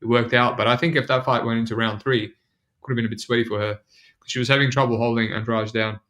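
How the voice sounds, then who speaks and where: Kiwi guy hosting a podcast, middle pitch, loose slangy chatter. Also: steady tone, quick pace, a bit bright. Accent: New Zealand. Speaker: podcast host. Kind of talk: casual betting podcast chat.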